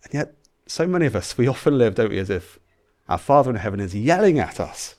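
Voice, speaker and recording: A man's voice: mid-range voice, brisk. A man, preaching a sermon to his church and acting out voices as he goes. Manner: animated, acts out shouting and cheering voices. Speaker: pastor.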